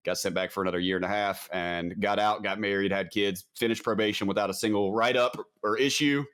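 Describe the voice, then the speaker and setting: A man's voice: lowish voice, fairly even intonation, a little fast, a bit bright, smooth. A man speaking as a podcast guest, telling his story in a candid, blunt, casual way and often tossing in "man". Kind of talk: casual conversation.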